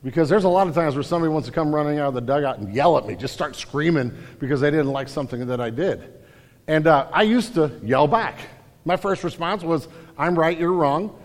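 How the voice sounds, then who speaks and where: A man preaching a sermon in a lively, animated way, acting out quotes loudly. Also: on the high side, brisk. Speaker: pastor. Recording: hall reverb.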